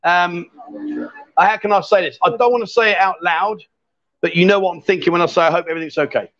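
Brief: male host, high lively voice, jokey banter, lo-fi stream. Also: fast talker. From England. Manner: teasing, jokey, reads out comments. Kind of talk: casual live-stream chat. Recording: dull lo-fi stream audio.

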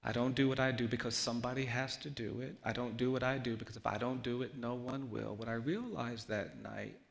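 A man speaks in a heavily gravelly voice. He tells a personal story earnestly and unhurriedly, often dropping to a quiet hush. His voice carries the long reverb of a large hall. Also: mid-range voice, steady tone, fairly quick. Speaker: guest speaker, lawyer.

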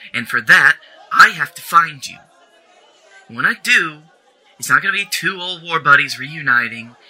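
A man's voice: a little high, pushed and bright, breathy edge, rough recording. A man acting in an audio drama, angry, clipped and stern.

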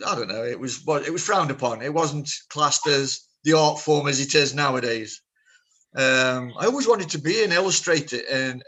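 A man's voice: fairly high pitch, pushed and bright, husky. A British man, an author being interviewed, talking modestly with many hesitations. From Britain. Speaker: author guest. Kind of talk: casual interview chat.

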